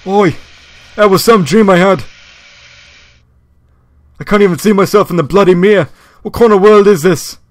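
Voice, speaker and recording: A man voicing a brash young male rocker with a put-on British accent and a raspy voice. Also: high-pitched, no room sound, pitched above the performer's own voice, close to an everyday voice. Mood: bewildered. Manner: loud exclamations, drawn-out Oi.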